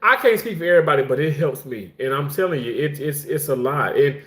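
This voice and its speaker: A man's voice: lively intonation, fast, fairly bright tone. Effusive middle-aged man in an echoey room. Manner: rambling and effusive, often jumping high in pitch to thank and greet viewers. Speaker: livestream host. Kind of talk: casual livestream chat reading viewer comments. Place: indoor room, talking while cooking. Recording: roomy echo.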